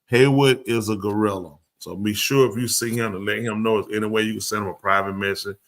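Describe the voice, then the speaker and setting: Man hosting a live show, bright punchy voice, aave, goofy and repeating himself. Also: on the low side, quick pace. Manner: playful, repeats words, drawling and animated. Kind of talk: casual live-stream banter.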